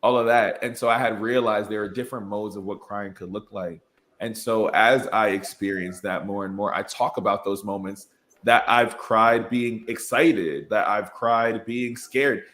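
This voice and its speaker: A man's voice: on the low side, moderate pace, fairly bright tone. Earnest young man, reflective and open. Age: 20s. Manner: earnest, reflective, laughs easily. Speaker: educator, podcast guest. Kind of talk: casual conversation.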